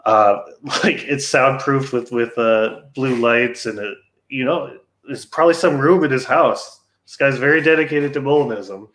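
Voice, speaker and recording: A guest on a talk show who speaks in a hesitant, halting way. His pitch is middling. The sound is roomy, with a clear echo around his voice. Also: fairly bright tone. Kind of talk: casual discussion.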